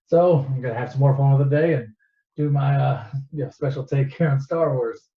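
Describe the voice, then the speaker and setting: A man's voice: medium pitch, a little fast. A man casually retelling a favorite movie as a rambling, swearing storyteller, full of asides and restarts. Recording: echoey, dull lo-fi room recording.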